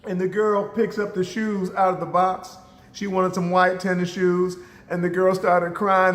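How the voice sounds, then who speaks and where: A man's voice: high voice, flat delivery, measured pace, fairly bright tone. Give me an emphatic male motivational speaker telling a story, with long hall echo. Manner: emphatic, preacherly, addresses listeners directly. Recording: echoey hall reverb.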